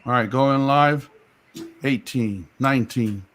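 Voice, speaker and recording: A man co-hosts a live pirate podcast, answering the captain with short, cheerful replies. His voice is bright and a little tense, with a middle pitch. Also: slow pace, a little hiss or hum. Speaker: podcast co-host.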